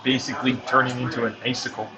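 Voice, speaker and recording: A man's voice: medium pitch, fast, over music. A young man arguing animatedly with his parents over dinner, pleading and restarting his sentences. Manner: animated, pleading, with many restarts and mock-quotes. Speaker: son talking with his parents. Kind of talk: casual family argument. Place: busy restaurant. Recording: muffled recording in a loud crowded restaurant.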